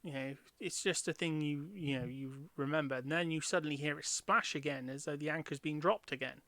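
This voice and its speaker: Male game master, bright tone, dry close sound, halting narration. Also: on the high side, no echo. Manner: hesitant, many ums while describing scenes.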